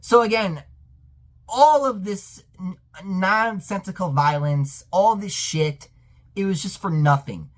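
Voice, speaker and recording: A man giving a profane, exasperated ranting film review that breaks into sudden yelled outbursts. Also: high voice, slow pace. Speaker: movie reviewer.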